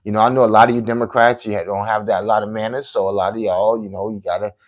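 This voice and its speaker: A man's voice: fairly low pitch, little pitch movement, fast talker, highs cut off. A man hosting his own podcast in a combative, boastful live-stream talk, taunting and challenging his critics to debate. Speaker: podcast host.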